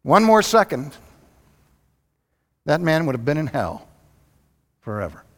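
A man preaching a sermon, telling the story dramatically, swinging from loud outbursts to hushed lows. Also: sing-song, measured pace. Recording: long hall reverb.

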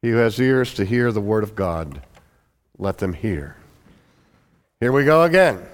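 A man's voice: fairly high pitch, clean tone. Emphatic male preacher in a reverberant hall. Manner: measured, emphatic pulpit delivery. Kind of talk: expository sermon with scripture reading.

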